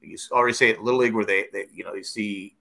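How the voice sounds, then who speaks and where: A man's voice: lowish voice, steady tone, rapid-fire, vocal fry, sharp tone. A middle-aged man hosting a podcast in casual chat. He tells rambling stories and acts out quoted lines. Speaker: podcast host.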